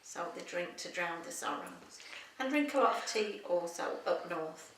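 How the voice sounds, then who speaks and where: A woman's voice: lowish voice, animated, normal speed, fairly bright tone, a little hiss or hum. A middle-aged woman, chatting in a casual interview, rambling and laughing often. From England. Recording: echoey room, mic at a distance.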